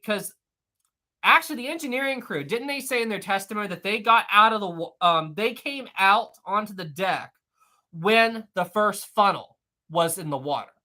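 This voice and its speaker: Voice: mid-range voice, expressive, normal speed, bright, forceful tone. A live-stream host chatting casually and answering the chat, often repeating phrases.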